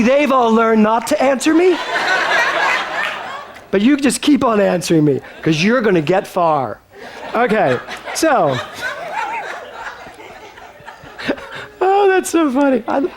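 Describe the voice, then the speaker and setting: Lively high-voiced playful male speaker. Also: noisy background. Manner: playful, teasing, theatrical. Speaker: minister. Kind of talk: spiritual talk to a congregation.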